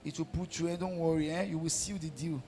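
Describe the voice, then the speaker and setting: A man voicing a flirtatious woman who soothes and coaxes a man in a soft, cooing way. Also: a little high, moderate pace, soft background music, lightly acted. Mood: soothing.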